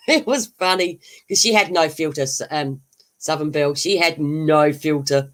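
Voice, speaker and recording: Speaking a little slowly in a medium-pitched, slightly bright voice, a livestream host chats in a rambling way, laughing frequently and replying to comments from viewers.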